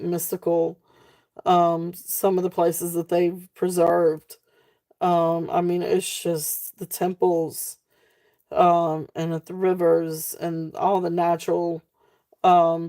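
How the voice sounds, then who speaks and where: Mellow-voiced Southern woman, chatty seller. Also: lowish voice. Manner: rambling, chatty, laughs often. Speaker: host of a live jewelry sale. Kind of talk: casual live-stream selling chat.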